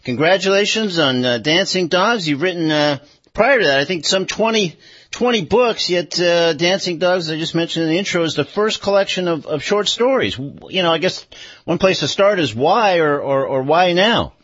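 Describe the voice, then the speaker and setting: A man hosting a radio show, reading news and introducing guests in a conversational way with many pauses. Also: sits high, animated, fairly bright tone, dull audio.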